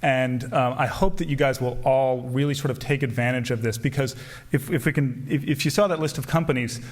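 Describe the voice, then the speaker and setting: A man's voice: mid-range voice, a little fast. A man speaking earnestly at a student assembly, hesitant and full of restarts. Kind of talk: speech at an assembly.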